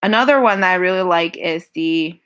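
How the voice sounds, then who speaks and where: A woman's voice: lowish voice, brisk, a bit bright, smooth. A young woman in her twenties casually chatting through a makeup wishlist, repeating herself, sighing and laughing between items. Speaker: makeup vlogger. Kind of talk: casual product rundown.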